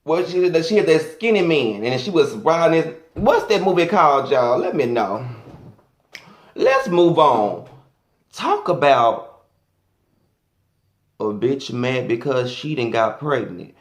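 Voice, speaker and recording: A man's voice: mid-range voice, animated, a little slow, pauses often, reverberant. A man doing a sassy, flamboyant, profane comic rant as a vlogger.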